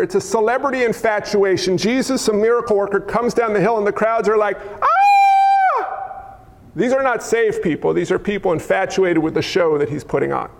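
A male pastor preaching a sermon in a church hall, wearing a mic, animated and acting out crowd cries and quoted lines. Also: sits high. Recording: long hall reverb.

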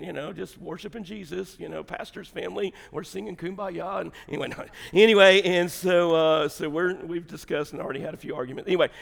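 A middle-aged male pastor with a fairly high voice tells a funny family story from the pulpit, chuckling as he goes. His voice rings out in a church with a long, hanging reverb. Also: creaky. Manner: humorous, chatty, laughs often. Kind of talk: storytelling sermon. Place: church sanctuary.

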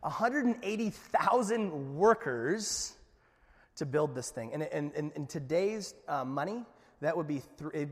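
A man preaching a sermon to his congregation, speaking conversationally with asides and building to emphatic peaks. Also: fairly high pitch. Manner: animated preaching with rising emphasis. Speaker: pastor. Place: church sanctuary. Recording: echoey hall.

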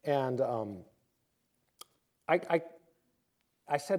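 A man's voice: fairly high pitch, big pitch swings, normal speed, a little mellow. A man, a pastor, preaching a conversational sermon, telling a personal story and acting out quoted voices before reading scripture.

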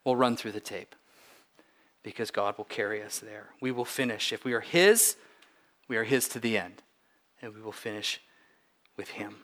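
A man's voice: lowish voice, moderate pace, pauses often, fairly bright tone. A man preaching a Sunday sermon as pastor, earnest and emphatic, repeating and stressing key words to drive a point home.

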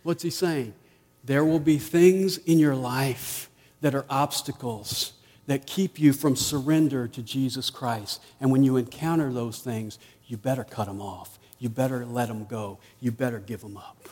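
A man preaching a sermon as pastor, rising to emphatic peaks and dropping to quiet asides. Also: mid-range voice, measured pace, long reverb tail.

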